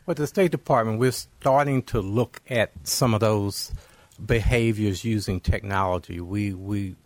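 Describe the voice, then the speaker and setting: A man with a lowish voice speaks on a panel for a government department. He answers in a careful, deliberate way. The sound is dry and close. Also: no echo. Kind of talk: panel discussion.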